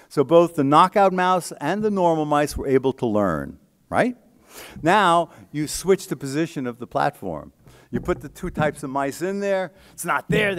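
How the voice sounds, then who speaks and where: A man's voice: a little high, fairly bright tone. Emphatic man lecturing. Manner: emphatic, conversational, with frequent "right?" checks. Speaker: scientist giving a lecture. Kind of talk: conference talk.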